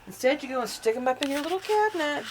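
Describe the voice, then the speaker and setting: A woman's voice: high-pitched, big pitch swings, fast talker, slight background noise, rough recording. A woman in a casual chat at home, teasing and blunt.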